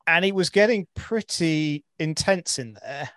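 A man's voice: fairly high pitch, measured pace, fairly bright tone, no echo, clean studio sound. A man hosting an interview, asking long hesitant questions full of fillers. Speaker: interviewer, host. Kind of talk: casual interview.

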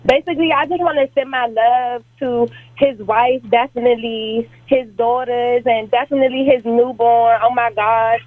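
A woman's voice: on the high side, fairly even intonation, moderate pace, few pauses, dry recording. A woman in her twenties calling into a radio show from a hair salon, emotional and rambling. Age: 20s. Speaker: caller. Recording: tinny phone line.

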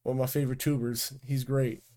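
Chill joking podcast guy, warm low-key tone, swears a lot. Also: flat delivery, brisk. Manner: joking, teasing, swears freely. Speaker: podcast co-host. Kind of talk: casual chat.

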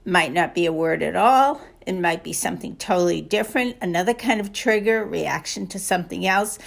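A woman's voice: fairly low pitch, brisk, creaky. A woman coach talking casually and enthusiastically, retelling a favorite story with a motivational message.

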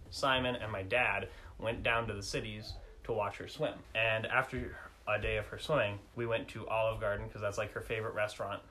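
A man's voice: medium pitch, slight background noise, poor audio. A young man, telling a funny story casually with friends and laughing at himself. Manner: animated, self-mocking, laughs through story.

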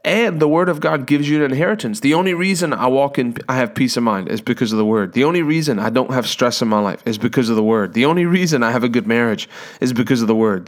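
A man preaching a sermon in a fervent, conversational way, reading scripture and breaking into short spoken prayers. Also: medium pitch.

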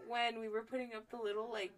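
Woman, podcast co-host, high voice, laughs a lot, slangy, animated casual chat. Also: a little fast, slight background noise.

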